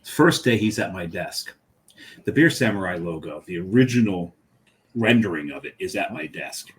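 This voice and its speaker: A man co-hosting a casual beer podcast, telling a story in an animated way. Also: low voice, moderate pace. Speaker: podcast co-host.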